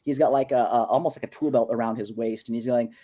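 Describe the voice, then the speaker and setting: A man's voice: medium pitch, steady tone, fast, dark tone, husky. A man narrating as game master of a tabletop game, loose and stammering with many fillers.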